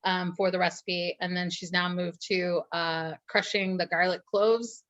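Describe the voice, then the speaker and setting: A woman's voice: lowish voice, level tone, measured pace, fairly bright tone. A woman hosting an online cooking social, friendly and filling in viewers who just joined. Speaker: host. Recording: dull lo-fi call audio.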